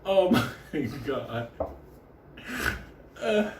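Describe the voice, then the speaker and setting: Laughing, swearing storyteller in an echoey room. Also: male voice, on the high side, sing-song, drawn-out words, slight background noise. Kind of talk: casual profane anecdote. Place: indoor room on camera.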